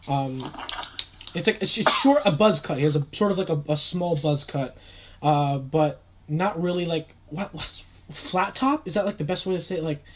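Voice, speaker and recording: Hesitant man as game master, slightly raised pitch, faint background hiss. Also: normal speed. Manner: hesitant, full of fillers, laughs often. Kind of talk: narrating a tabletop game, casual.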